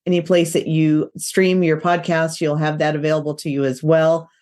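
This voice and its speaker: A woman's voice: deep voice, level tone, moderate pace, darkish tone. A woman hosting a podcast interview, enthusiastic and chatty, with a slightly nasal voice from allergies. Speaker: podcast host.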